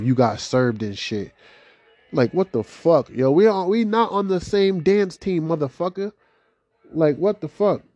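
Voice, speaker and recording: A young man hosting a casual vlog, telling a story in profane street slang with lively, animated delivery. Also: dry recording. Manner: animated, profane street slang, big rises in pitch for quoted reactions. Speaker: vlog host.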